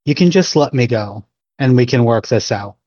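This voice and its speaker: A man's voice: mid-range voice, lively intonation, moderate pace, dark tone, no room sound, lo-fi sound. A man playing his character in a tabletop game, joking and sarcastic. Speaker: player.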